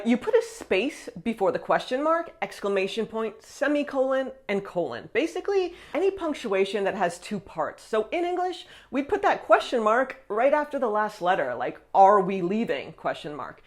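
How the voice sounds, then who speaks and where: Upbeat woman teaching. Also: mid-range voice. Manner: upbeat, with frequent "all right" and list countdowns. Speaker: French language teacher. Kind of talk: casual video lesson.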